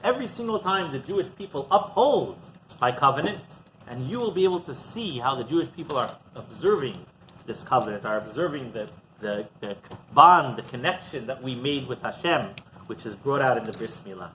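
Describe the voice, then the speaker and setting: A man, a rabbi, retelling a Midrash story in an animated Torah talk, raising his voice for the quoted speeches. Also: medium pitch, a little fast, slight background noise, rough recording.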